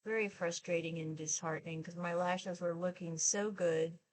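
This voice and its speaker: A beauty vlogger in her sixties chats casually as she puts on her makeup for a get-ready-with-me video. Her voice is fairly low with fairly even intonation, and she talks slowly in a chatty way.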